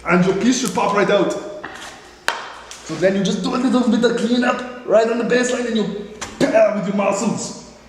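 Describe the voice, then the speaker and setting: A man with a high voice teaches hand woodworking, with a teasing, mock-macho sense of humor. He talks through each step of the demonstration. His voice rings around a big echoey hall, with steady noise behind it. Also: normal speed, long pauses. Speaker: woodworking instructor. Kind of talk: hands-on workshop demonstration. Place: workshop.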